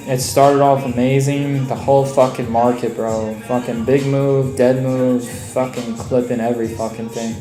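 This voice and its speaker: A man's voice: mid-range voice, flat delivery, moderate pace, hardly any pauses, mellow. Profane exasperated man ranting, echoey room. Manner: profane, exasperated ranting, filler "bro" constantly. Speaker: day trader streaming live trades. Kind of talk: live trading stream commentary. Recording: echoey room with music playing behind.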